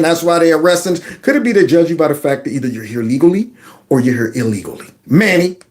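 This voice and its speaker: The host of a political commentary channel runs a livestream, speaking briskly in a fairly high, expressive voice. He mocks and sneers sarcastically as he talks back to the clips he plays.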